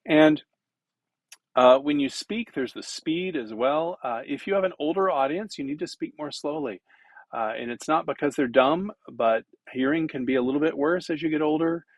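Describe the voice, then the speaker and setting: A man's voice: on the high side, lively intonation, moderate pace, no echo, poor audio. A man teaching public speaking in a conversational lecture, demonstrating as he goes and using many fillers. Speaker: instructor.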